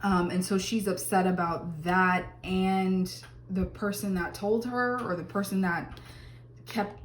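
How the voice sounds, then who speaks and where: A woman's voice: mid-range voice, steady tone, slow pace, slight background noise. Casting: woman tarot reader, chatty and exclamatory, in an echoey room. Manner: chatty, lots of fillers and exclamations. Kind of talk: casual tarot reading to camera.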